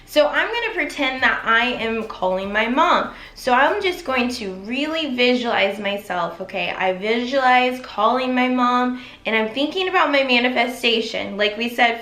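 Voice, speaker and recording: A woman's voice: on the high side, animated, moderate pace, a bit bright. A woman coaching viewers in an instructional vlog, upbeat and encouraging, speaking straight to her audience. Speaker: manifestation coach. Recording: echoey room.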